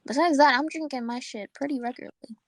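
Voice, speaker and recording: A woman's voice: sits high, quick pace, no echo. Young woman, podcast co-host, casual swearing chatter, laughs a lot, dry close sound. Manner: laughing, swearing, animated storytelling. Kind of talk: casual chat.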